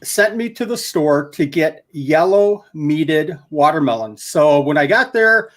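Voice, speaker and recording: Rambling man telling a story, higher voice. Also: lively intonation, measured pace. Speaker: guest isopod keeper. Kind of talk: casual livestream chat. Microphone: handheld camera.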